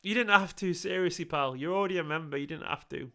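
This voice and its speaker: A man's voice: on the high side, fast talker, sharp tone. A man streaming a football watchalong, casually thanking viewers by name and swearing freely between comments on the match, sounding tired and emotional.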